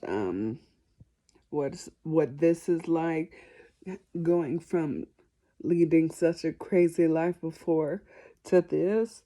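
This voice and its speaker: Slow, deep-toned woman chatting. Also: warm tone. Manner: chatty and self-deprecating, often apologizing. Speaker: musician answering viewer questions. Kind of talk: casual question-and-answer vlog.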